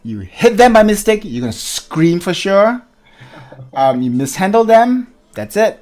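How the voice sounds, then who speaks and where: A man hosting a casual panel discussion, playful and quick to laugh. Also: sits high, big pitch swings, darkish tone.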